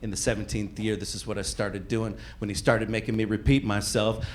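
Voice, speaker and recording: A man's voice: fairly low pitch, little pitch movement, brisk, slight background noise. A man in his forties doing a crude, brash stand-up comedy set on stage, slipping into silly voices for punchlines. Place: comedy club stage before a live audience. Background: audience laughter.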